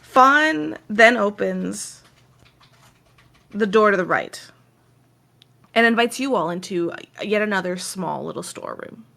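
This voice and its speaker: Lively woman game master narrating. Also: medium pitch, a little slow, creaky, long pauses. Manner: descriptive, self-correcting.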